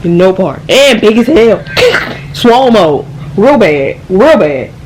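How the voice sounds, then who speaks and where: A young woman telling her story straight to camera in loose, slangy talk full of swearing. She's animated and keeps the tale rolling, with a faint hiss behind her. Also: medium pitch, slow. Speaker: vlogger. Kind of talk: casual storytime.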